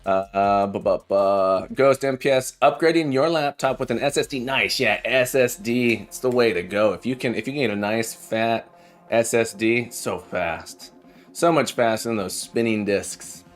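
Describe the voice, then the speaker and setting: A man's voice: mid-range voice, normal speed. A chatty male programming teacher running a casual live-coding stream, with a middle-range voice. He tells jokes and repeats his phrases as he talks. Faint background music plays under his voice.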